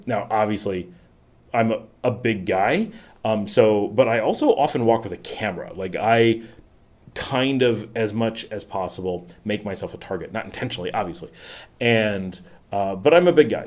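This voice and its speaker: A man's voice: on the low side, moderate pace, a little mellow. A man hosting his own livestream, chatting casually and rambling, with many fillers and little laughs. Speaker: vlog host. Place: at home in the city.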